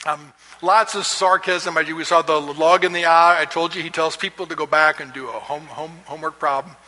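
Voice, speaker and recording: Male Bible teacher, chatty and laughing, bright tone, echoey hall. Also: a little high. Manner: chatty, chuckling, frequent restarts. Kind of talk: casual lecture with storytelling.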